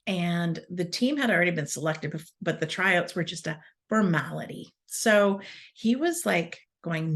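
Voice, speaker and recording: Chatty, rambling woman with a lowish voice. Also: expressive, measured pace. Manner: rambling, chatty, laughs mid-sentence; self-correcting restarts and asides. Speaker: wellness speaker. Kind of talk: casual storytelling.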